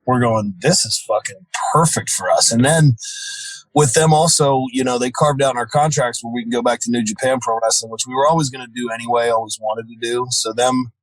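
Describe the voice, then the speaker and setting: A man's voice: medium pitch, steady tone, brisk, dry recording, poor audio. A man who wrestles professionally, talking upbeat in a casual chat and swearing casually. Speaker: pro wrestler guest.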